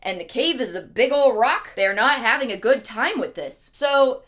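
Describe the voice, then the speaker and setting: A woman's voice: a little high, animated, moderate pace, fairly bright tone. A woman streamer retelling an old story in a casual, slangy, comedic way.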